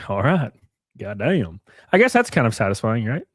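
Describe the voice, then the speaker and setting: A man's voice: medium pitch, wildly swooping pitch, normal speed, husky, no room sound, clean studio sound. A man hosting a casual livestream, talking bluntly with plenty of swearing and reading out viewer messages. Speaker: livestream host.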